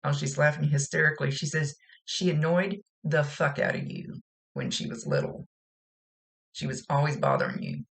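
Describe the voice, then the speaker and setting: Gravelly-voiced chatty woman medium. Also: deep voice, expressive, moderate pace. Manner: rambling, chatty, laughs often. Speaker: psychic medium. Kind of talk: casual spoken reading.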